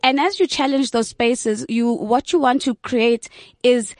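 Woman, panel guest, earnest and list-building, slightly high voice. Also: unhurried, dry recording, clean studio sound. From South Africa. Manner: earnest, building points in long lists. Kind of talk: discussion.

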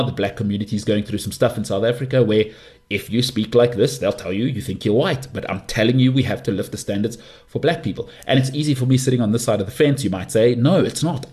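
A man hosting a podcast, delivering an impassioned monologue with forceful, repetitive emphasis. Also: mid-range voice, quick pace. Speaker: podcast host.

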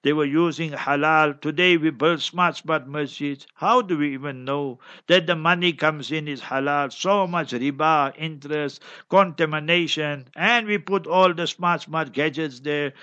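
A man's voice: a little high, measured pace, sharp tone, no room sound, lo-fi sound. A man, an imam, telling a story in a chatty Q&A talk, often adding "you know". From South Africa.

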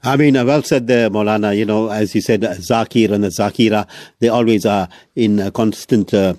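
A man's voice: lowish voice, fairly even intonation, fairly quick, a little mellow, no echo, studio quality. A man hosting a radio show, interviewing a guest in a hesitant, deferential way with many fillers.

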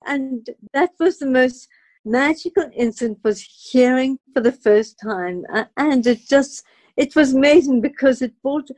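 A woman tells her story with a flair for drama, stumbling over restarts as she builds to each moment. Her voice sits a little high. The sound is close and dry. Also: no echo. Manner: dramatic, expressive retelling with stammered restarts. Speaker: guest, actress. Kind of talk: animated personal storytelling.

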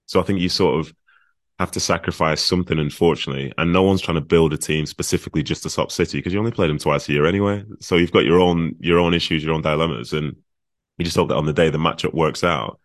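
A man's voice: a bass voice, quick pace, no room sound, studio quality. A man discussing football tactics as a podcast pundit, in an analytical casual style with frequent fillers.

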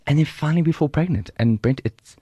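A middle-aged South African man with a South African accent, a guest telling stories in an interview in an animated, humorous way. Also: a little high, fast, slightly rough, no room sound, clean studio sound. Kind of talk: storytelling interview.

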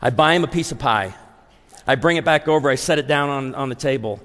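A pastor in his forties preaching a humorous, story-driven sermon to a live audience, animated and acting out dialogue. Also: medium pitch, fairly quick. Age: 40s. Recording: long hall reverb.

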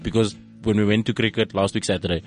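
A man's voice: fairly low pitch, quick pace, soft background music. A young man co-hosting a radio show, teasing and laughing with the others. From South Africa. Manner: lively, laughs a lot, teasing. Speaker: radio co-host. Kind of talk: casual studio banter.

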